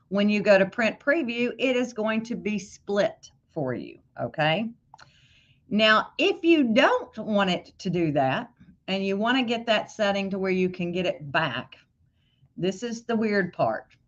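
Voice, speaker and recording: A woman hosting a casual livestream tutorial on embroidery software, chatting and greeting viewers by name. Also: mid-range voice, dull audio.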